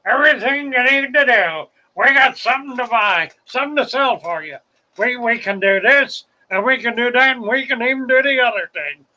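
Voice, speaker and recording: A pushy, hard-selling product salesman, as a man puts him on, with a raised, bright voice. He piles on the pitch in a mocking, exaggerated patter. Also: lively intonation, moderate pace, exaggerated voice, rough recording. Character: pushy male product salesman hawking everything.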